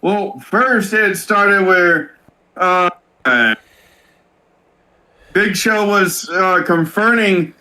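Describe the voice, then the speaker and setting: A man with a fairly high, bright voice talks slowly in a casual chat. He recounts events hesitantly, filling gaps with pauses and "uh"s. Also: fairly even intonation. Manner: hesitant, many fillers, slow recounting. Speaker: co-host reviewing wrestling.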